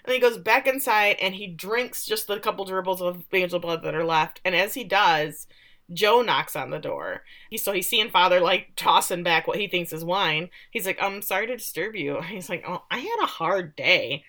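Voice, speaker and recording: Middle-aged woman, co-host, bright tone; animated casual recap. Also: lowish voice, moderate pace. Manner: animated storytelling, acts out quotes with laughs. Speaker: podcast co-host recapping a show.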